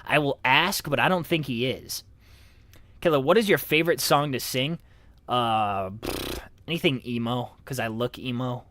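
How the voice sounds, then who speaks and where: A man's voice: mid-range voice, normal speed, a bit bright, close to an everyday voice. A young man streaming in character as a laid-back male skeleton fan character, casual, giggly and self-mocking. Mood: easygoing. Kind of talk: in-character livestream chat.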